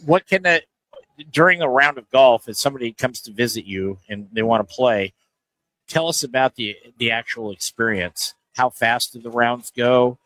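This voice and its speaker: A man's voice: mid-range voice, moderate pace, fairly bright tone, no room sound, rough recording. Easygoing man hosting a chat. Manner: easygoing, rambling questions with restarts. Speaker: show host interviewing at a golf show. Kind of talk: casual interview chat. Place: booth at a consumer golf show.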